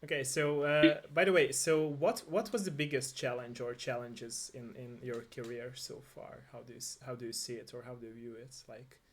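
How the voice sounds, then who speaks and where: A man's voice: mid-range voice, steady tone, moderate pace, few pauses. A man hosting an interview, asking long questions with many fillers and repeating short agreements. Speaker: interview host.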